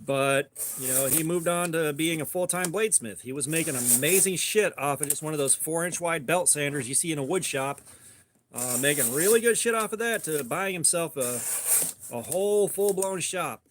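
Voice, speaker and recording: A man's voice: on the high side, expressive, moderate pace, a little hiss or hum. A man in his forties from Georgia with a fairly neutral American accent, chatting casually and rambling with lots of hesitations. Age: 40s. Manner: rambling, loose, hesitant with fillers. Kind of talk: casual chat.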